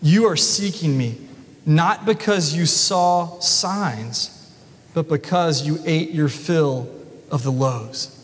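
A man voicing a solemn, authoritative teacher, speaking in a slow, grave, measured way. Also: on the high side, pitched below the performer's own voice. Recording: long reverb of a large hall.

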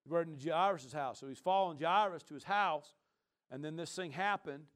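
A man's voice: on the high side, fairly quick, a bit bright. A male pastor preaching a conversational sermon, often checking in with his listeners.

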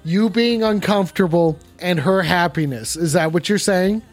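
A man's voice: sits high, normal speed, faint music behind. A man playing a crude, stoned, foul-mouthed Santa Claus who rambles and swears as an improv host. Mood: exasperated. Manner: profane, rambling, defensive. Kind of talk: comedic improv livestream.

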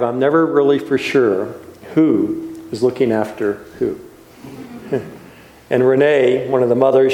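Gentle man preaching in an echoey room. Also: medium pitch, slight background noise. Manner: gentle, unhurried, with soft trailing pauses. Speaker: pastor. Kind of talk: reflective sermon storytelling.

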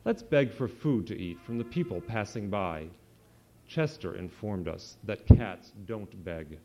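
A man, an author, reading a rhyming children's story aloud to an audience in a sing-song, lively way. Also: on the low side. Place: event hall with an audience. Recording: dull lo-fi live recording.

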